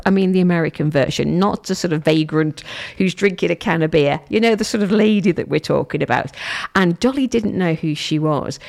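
A middle-aged woman talking into a studio microphone as a radio host. Her voice carries a gravelly fry. Her pitch swings widely, and her chat rambles, repeating phrases and circling back on itself. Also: a little mellow. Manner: chatty, rambling, repeats herself and restarts often.

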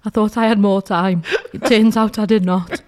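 A woman's voice: mid-range voice, fairly even intonation, normal speed, darkish tone. Giggly, tired radio co-host woman. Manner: self-mocking, giggly banter. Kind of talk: casual on-air chat.

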